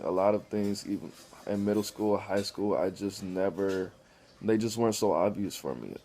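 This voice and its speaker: A man's voice: lowish voice, warm tone. A man talking casually to the camera in a blunt, rambling way, full of swearing, about his life. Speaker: vlogger.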